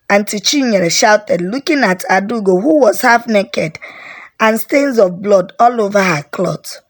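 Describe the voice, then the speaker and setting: A woman tells a family tale at a slow, careful pace. Her comes through plainly, and her voice sits at an ordinary middle pitch. She lays out each scene deliberately, like a storyteller. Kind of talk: storytelling narration.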